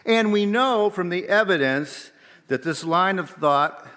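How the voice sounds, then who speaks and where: A man, a minister, giving a sermon in a measured, deliberate way, often posing rhetorical questions, in a church sanctuary. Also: sits high, lively intonation, pushed and bright. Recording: long reverb of a large hall.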